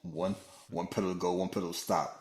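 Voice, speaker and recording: A man co-hosting a casual movie-review podcast, joking and animated, often slipping into mock voices. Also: fairly quick, echoey room. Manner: animated, jokey, slips into high-pitched mock voices. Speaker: podcast co-host.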